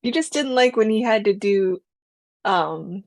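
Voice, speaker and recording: A woman's voice: mid-range voice, animated, measured pace, no echo. A woman co-hosting a podcast in casual chat, teasing and laughing often. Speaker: podcast co-host.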